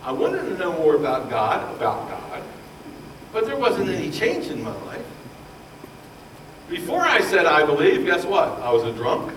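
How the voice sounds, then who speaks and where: A man preaching with fervor, swinging between near-shouts and hushed asides. His voice sits a little high for a man. He is caught from a distance, in a roomy, echoing church with faint ambience behind. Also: huge pitch swings, measured pace, long pauses, slight background noise. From Baltimore, Maryland. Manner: impassioned, swings from loud to hushed. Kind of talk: sermon. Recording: roomy echo, voice from far off.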